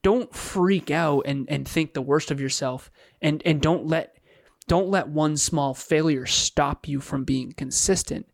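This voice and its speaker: A man's voice: fairly high pitch, measured pace, no echo, clean studio sound. A man who works as a fitness coach, co-hosting a podcast in casual talk. He sounds earnest and repeats words for emphasis.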